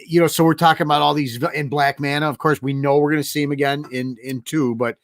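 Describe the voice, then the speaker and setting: A man's voice: on the high side, fast talker, dry recording, studio quality. A man co-hosting a casual livestream chat, talking loosely and repeating himself as he thinks. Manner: relaxed, rambling, repeats words. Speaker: co-host.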